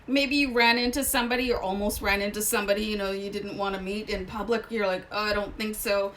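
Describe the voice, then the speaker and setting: A woman's voice: mid-range voice, steady tone, fast talker, a bit bright, slight background noise. A woman living in Canada hosting a casual tarot card reading, talking in a chatty, rambling way with many asides. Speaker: tarot reader.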